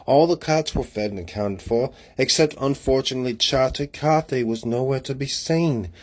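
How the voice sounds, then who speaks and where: A man's voice: mid-range voice, normal speed. A man talking through his daily journal in a rambling, candid, opinionated way. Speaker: vlogger writing a daily journal. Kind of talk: casual spoken diary. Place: Honolulu.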